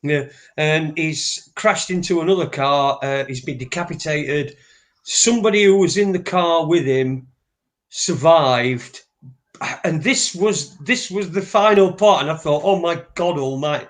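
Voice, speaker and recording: A man rambles through a story, swearing freely as he goes. His voice sits a little higher than most men's. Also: unhurried, a bit bright. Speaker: podcast co-host. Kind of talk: casual chat.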